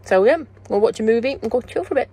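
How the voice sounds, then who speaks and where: A woman's voice: on the high side, lively intonation, fast, noisy background. A middle-aged woman, chatting casually and joking as she vlogs to a handheld camera. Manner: chatty and jokey, laughs often. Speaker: travel vlogger. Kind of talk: casual vlog chat.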